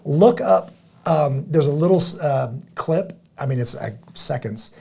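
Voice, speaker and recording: A middle-aged man chats casually as a podcast host. His voice is gravelly, husky and mellow. He rambles in halting bursts, with many restarts and fillers. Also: a little high, animated. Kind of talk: casual chat.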